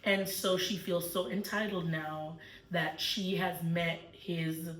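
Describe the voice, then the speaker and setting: A woman's voice: fairly low pitch, fairly even intonation, takes it slowly, fairly bright tone. A woman recapping a book in a casual chat, telling the story with lots of fillers. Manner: chatty storytelling with many fillers. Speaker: book club host. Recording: echoey room, far from mic.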